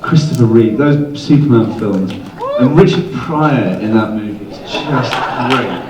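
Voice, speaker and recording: A man's voice: medium pitch, lively intonation, unhurried, over a noisy crowd. A man from England, a guest actor on a convention panel, chatting casually and rambling, with many restarts and laughs. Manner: rambling, self-correcting, laughing. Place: large convention hall. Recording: echoey hall from far off.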